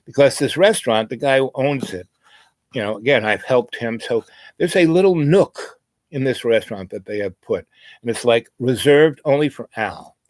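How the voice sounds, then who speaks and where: A man's voice: mid-range voice, animated, moderate pace, no echo. A man telling a meandering personal story in a casual vlog, full of "you know" asides. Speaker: spiritual vlogger.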